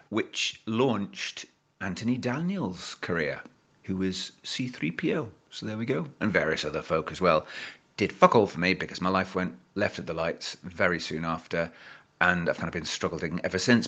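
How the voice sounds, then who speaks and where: A man's voice: low voice, sharp tone, husky. A man from Liverpool leaving a wry, self-mocking voice note to a podcast. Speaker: caller.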